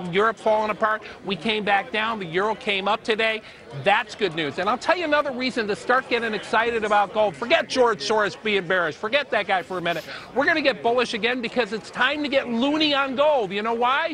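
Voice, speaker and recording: A man's voice: high-pitched, brisk, pushed and bright. A man giving upbeat, punchy market commentary on a TV panel, joking along the way. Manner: punchy, enthusiastic, jokey.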